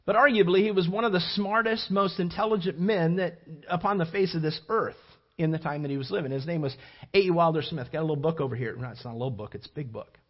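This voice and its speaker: A man preaching a sermon as a lively, rambling storyteller, full of restarts and asides. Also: fairly high pitch, fast, muffled recording.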